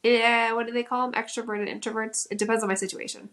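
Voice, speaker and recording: A young woman co-hosting a podcast, talking in a relaxed, giggly, self-deprecating way. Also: on the high side, fast talker. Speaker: podcast co-host. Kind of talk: casual chat.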